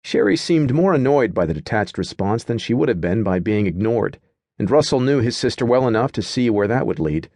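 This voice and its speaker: This man narrates an audiobook from a script, his mid-range voice keeping an even, deliberate storytelling pace. It's a dry, studio-quality recording.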